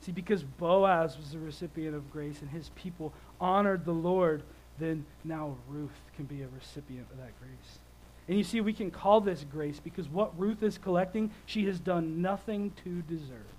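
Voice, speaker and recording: A man in his thirties preaching a sermon, conversational and animated, telling stories with lively swings in loudness. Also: fairly high pitch, normal speed, slight background noise, low-quality recording.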